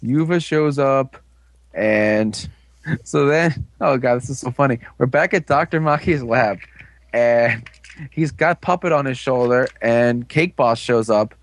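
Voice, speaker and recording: Recapping an episode for his podcast, a male co-host speaks at a measured pace in a medium pitch. The talk is casual and meandering, amused in tone and full of fillers.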